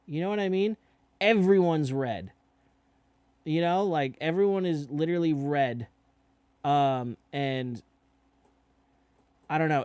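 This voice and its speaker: Young male reaction host, chatty and casual with light swearing, slightly high voice, dry close-miked sound. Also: darkish tone, dry recording. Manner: chatty, repeats "you know what I mean".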